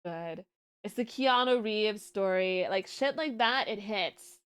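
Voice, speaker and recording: A woman's voice: medium pitch, slow pace, a bit bright, clean tone. A woman streaming and chatting casually in a rambling way, with lots of fillers. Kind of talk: casual reaction chat.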